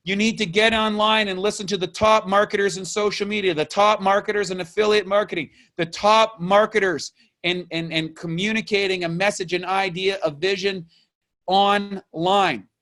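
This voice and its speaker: A man's voice: high voice, fairly even intonation, moderate pace, fairly bright tone. A middle-aged man from Canada, a business coach giving a fired-up, urgent motivational rant full of rhetorical questions.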